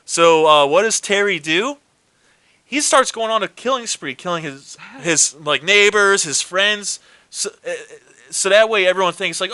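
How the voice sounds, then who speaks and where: A man with a fairly high, bright voice retells horror movie plots in a casual chat. He acts out the characters' lines and swears freely. The sound is dry and close. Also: measured pace, smooth, no room sound. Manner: animated storytelling with swearing and acted quotes. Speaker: co-host.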